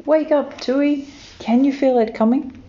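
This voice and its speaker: A woman's voice: sits high, a little slow, dark tone, voice pushed up. A woman voicing an eager little female kiwi bird, urging her friends to wake and hurry, in a dull lo-fi recording. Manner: urgent, coaxing.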